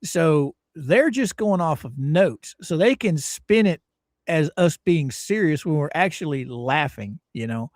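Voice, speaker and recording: A man's voice: fairly high pitch, expressive, measured pace, no echo, studio quality. A man hosting a livestream, chatting casually in a rambling, joking way and laughing often. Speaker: livestream host. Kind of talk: casual commentary chat.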